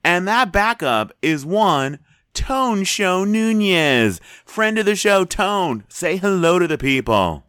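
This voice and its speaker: A man's voice: sits high, big pitch swings, slow, fairly bright tone, clear, resonant tone, no echo, studio quality. A man co-hosting a casual podcast, playful and laughing often as he talks. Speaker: co-host.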